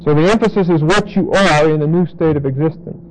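A man with a slightly high voice teaches scripture verse by verse, stopping to spell out and repeat key words. His delivery is explanatory and deliberate. A faint hum sits under the recording. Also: poor audio. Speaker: Bible teacher.

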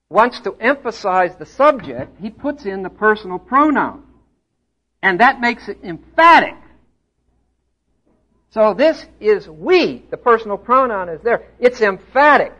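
A man's voice: sits high, pushed and bright, highs cut off. An older man preaching an expository sermon to a congregation, teaching grammar point by point and stressing his key words. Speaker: pastor. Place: church hall before a congregation.

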